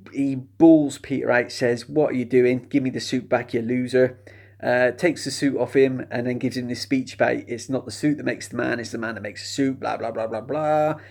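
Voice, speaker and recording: A man's voice: mid-range voice, gravelly, a little mellow. A man giving a casual, chatty spoken film review, sardonic and mocking the plot.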